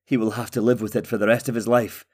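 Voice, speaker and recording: Resolute warrior king, low, commanding voice, read by a man. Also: little pitch movement, fast, a little mellow, lightly acted.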